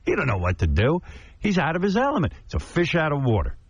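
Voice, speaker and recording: Animated man hosting talk radio. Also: on the high side, fast, husky, no echo. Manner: animated storytelling, acts out other people's lines. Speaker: radio show host. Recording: dull lo-fi radio broadcast.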